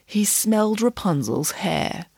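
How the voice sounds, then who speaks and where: A woman's voice: mid-range voice, animated, slow, creaky, a little mellow, breathy edge, no echo, clean studio sound, heavily acted. A woman voicing a bossy, boastful female pig nanny with a confident, indignant way of telling stories. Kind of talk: audiobook character voice.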